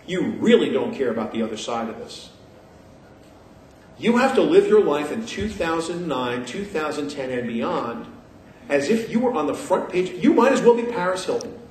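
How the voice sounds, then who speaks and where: A man giving an animated conference talk, emphatic and sarcastic, repeating his points for effect. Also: a little high, normal speed, slight background noise. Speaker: conference speaker. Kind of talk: animated lecture to an audience. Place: conference hall. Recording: echoey room picked up from a distance.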